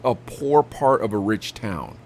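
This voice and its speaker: Animated young man telling shop stories. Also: lowish voice, unhurried. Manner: animated storytelling, acts out customers. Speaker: podcast co-host, vape shop worker. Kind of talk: casual chat.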